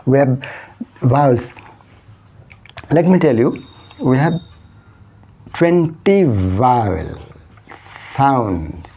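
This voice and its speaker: A man with an Odia accent teaching English pronunciation, repeating each vowel sound several times with drawn-out emphasis. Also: mid-range voice, animated, breathy edge. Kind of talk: slow, deliberate spoken English lesson. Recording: slightly dull, lo-fi sound.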